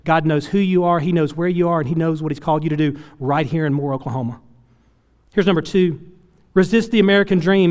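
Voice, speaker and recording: A middle-aged man with a high, smooth, resonant voice preaches a sermon. He tells his story earnestly, rising loud and then dropping to a hushed, tearful tone. His voice rings with the long reverb of a church hall. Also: fairly even intonation, fast. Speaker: pastor.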